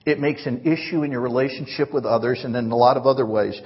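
A man's voice: medium pitch, fast talker, slightly rough. A male pastor preaching a sermon in a large church hall, earnest and conversational, often acting out quoted lines. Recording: reverberant, dull lo-fi hall recording.

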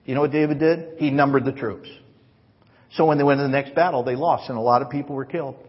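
A man's voice: mid-range voice, fairly even intonation, fast talker, slightly rough. A male pastor preaching a sermon in a large church hall, earnest and conversational, often acting out quoted lines. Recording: reverberant, dull lo-fi hall recording.

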